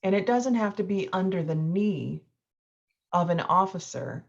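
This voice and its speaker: A woman's voice: on the low side, animated, measured pace, gravelly, dull audio. A woman law professor giving an impassioned lecture, telling a story with rising emphasis.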